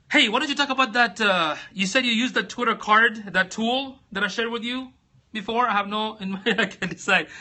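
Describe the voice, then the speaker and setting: High-pitched, bright and forceful, a man's voice carries a relaxed livestream. As he searches he rambles and thinks aloud, reading out what viewers write and answering.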